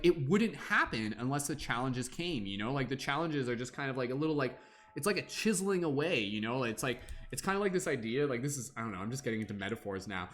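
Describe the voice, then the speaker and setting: A man giving a casual spiritual talk on a livestream as a tarot reader, rambling with lots of fillers and acting out little voices. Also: medium pitch.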